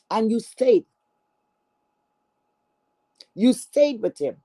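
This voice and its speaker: A woman's voice: medium pitch, expressive, unhurried, mellow. A woman delivering an angry, profane callout rant, confrontational and scornful, often repeating herself. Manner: repetitive, stammering restarts. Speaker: online streamer.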